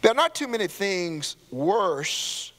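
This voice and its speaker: High, bright-voiced preacher in a reverberant church. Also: male voice, very animated, takes it slowly. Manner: call-and-response preaching, rising to shouts. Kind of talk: sermon. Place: church sanctuary. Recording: long hall reverb in a church.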